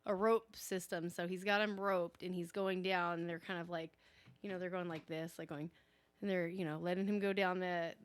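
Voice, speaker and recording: A woman's voice: lowish voice, steady tone, normal speed, smooth. Chatty woman rambling through a movie recap. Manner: chatty, rambling retelling with fillers. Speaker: movie reviewer. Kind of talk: casual movie recap chat.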